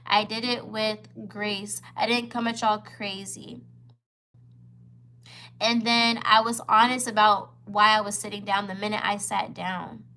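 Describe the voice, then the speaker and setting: In a mid-range voice that's a little slow, fairly even and sharp in tone, a woman in her twenties tells a storytime to camera as a vlogger. She is upset and close to tears, recounting events in a heated, profane, emphatic way.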